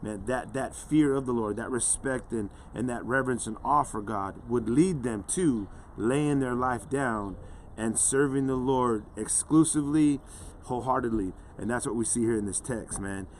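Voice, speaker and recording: A man's voice: medium pitch, moderate pace, a little hiss or hum. Earnest conversational male pastor. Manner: earnest, conversational, often says "man" and "right". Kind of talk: devotional sermon.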